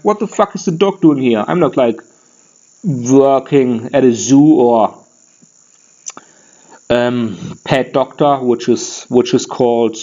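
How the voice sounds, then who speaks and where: A man's voice: medium pitch, a little mellow, natural voice. A crude, opinionated German man, put on by a male podcaster, rambles through an unscripted comic rant in a thick put-on German accent. He swears constantly and keeps restarting his sentences. His mid-range voice comes through a dull, lo-fi recording. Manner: profane, rambling, frequent restarts. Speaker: podcast host.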